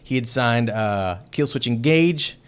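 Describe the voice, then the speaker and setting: Profane, excitable man telling a story. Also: medium pitch, unhurried, smooth. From Texas, United States. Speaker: heavy metal band member, podcast guest. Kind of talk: casual storytelling chat.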